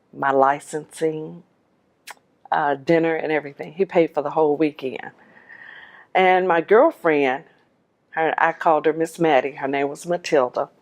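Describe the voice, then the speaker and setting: A woman telling her own story with lively animation and a fairly low speaking voice. She brings the dialogue to life, voicing the people she quotes as she recounts them. The delivery is that of a personal storyteller. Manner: laughs while telling.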